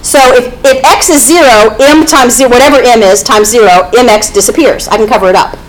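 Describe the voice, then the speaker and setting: A woman's voice: a little high, a little fast, poor audio. A woman teaching a math class, explaining step by step and often checking in with "okay?". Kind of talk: classroom lecture.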